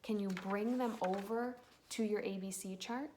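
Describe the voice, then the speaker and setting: A woman teacher giving a slow, patient phonics lesson to young children, sounding out letters and cheering them on. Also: medium pitch, steady tone, mellow, slight background noise.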